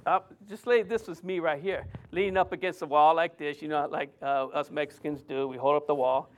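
A middle-aged man preaching a sermon, telling a personal story in a lively way with many restarts and fillers. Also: fairly high pitch, a little fast.

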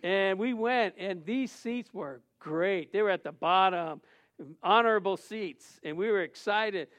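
A man's voice: high-pitched, measured pace, a bit bright. A man who is a pastor, preaching a sermon and telling a funny personal story, acting out the dialogue and laughing often.

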